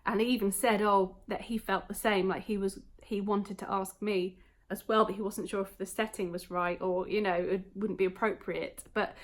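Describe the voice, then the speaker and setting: A woman's voice: medium pitch, steady tone. A woman, chatting casually to camera in a vlog, rambling with lots of fillers. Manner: rambling, talks in quick bursts, many fillers. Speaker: vlogger.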